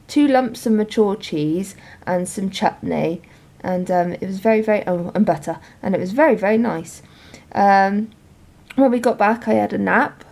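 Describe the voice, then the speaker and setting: A woman's voice: medium pitch, gravelly, mellow. A woman chatting casually to camera about her week, with frequent laughs and ums. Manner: chatty, giggly, many ums. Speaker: journal vlogger.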